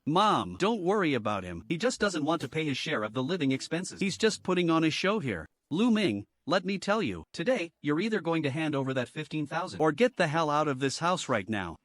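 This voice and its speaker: A man voicing a meek husband who keeps trying to calm his angry wife. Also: a little high, brisk, hardly any pauses, no room sound, studio quality. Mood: placating. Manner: pleading, placating.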